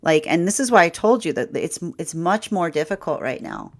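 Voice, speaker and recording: A woman's voice: lowish voice, big pitch swings, moderate pace. A woman giving a live tarot reading, rambling and repeating herself, with frequent "right?" and "like". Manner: laughs often, quoting the energy's voice. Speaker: tarot reader.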